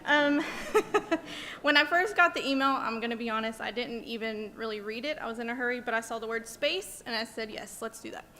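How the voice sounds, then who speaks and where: Woman teacher, bright and high, emotional and near tears, reverberant hall. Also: a little fast. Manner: emotional, tearful, laughing nervously. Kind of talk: emotional conference speech. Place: museum conference hall. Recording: long hall reverb, faint noise.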